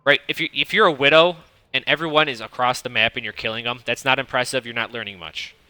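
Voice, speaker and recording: Casting note: streamer, thirties, piercingly bright and dry-close tone, swears freely, rambling coach. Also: male voice, medium pitch, fast, smooth, no room sound. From United States (Detroit). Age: 30s. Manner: profane, rambling, blunt advice; self-described monotone delivery. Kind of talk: casual coaching commentary.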